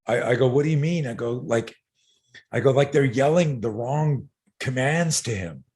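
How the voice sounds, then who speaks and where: A middle-aged man, a self-defense coach, telling stories as a podcast guest in an animated way, swearing casually and full of fillers. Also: mid-range voice, normal speed.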